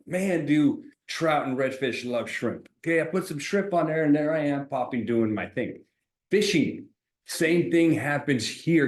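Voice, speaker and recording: A man working as an insurance agent who talks straight to his viewers, animated and sarcastic, explaining while he shares his screen. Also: mid-range voice, reverberant.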